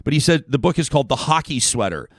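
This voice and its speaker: A man's voice: mid-range voice, fast talker, dry recording. A man hosting a talk show, chatting casually and reading out a listener's email. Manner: animated, reads quotes in a raised voice.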